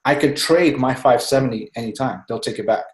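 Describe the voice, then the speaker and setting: An excited man chats on a group call in a mid-pitched voice, rambling from one thought to the next and tossing in "man" at the end of his sentences. His voice comes through with a roomy echo, as if heard across a call line. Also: a little fast. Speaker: team member speaking on a group call. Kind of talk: casual chat on a conference call.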